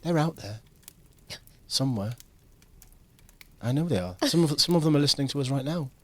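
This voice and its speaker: A man's voice: medium pitch, animated, a little fast, fairly bright tone. A tipsy man, a podcast host, rambling through joking asides as he reads a story aloud.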